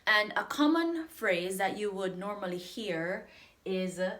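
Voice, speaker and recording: A woman from Jamaica with a Jamaican accent, teaching a beginner language lesson to camera. She speaks clearly and deliberately and repeats each phrase slowly. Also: medium pitch, a bit bright. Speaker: patois teacher.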